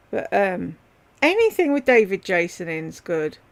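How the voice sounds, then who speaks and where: A woman's voice: medium pitch, sing-song, unhurried, creaky. A woman hosting her own livestream from home, chatting loosely with viewers and addressing them by name as she rambles from one thing to the next. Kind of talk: casual livestream chat.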